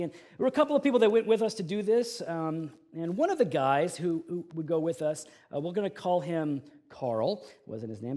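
Middle-aged male pastor, higher voice, chatty sermon storyteller with fillers. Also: darkish tone.

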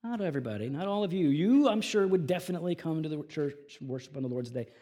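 A man preaching a sermon to his congregation, earnest and conversational, swinging between quiet reflective passages and emphatic raised lines. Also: fairly high pitch, animated, fast talker. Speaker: pastor.

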